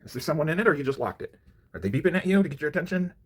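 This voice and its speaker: A man ranting to the camera in a profane solo monologue, angry, swinging from low mutters to near-shouts. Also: big pitch swings, rapid-fire.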